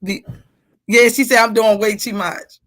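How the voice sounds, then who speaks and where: Woman in her forties, animated storyteller, bright and forceful voice, casual live-stream chat. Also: fairly high pitch, a little slow. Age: 40s.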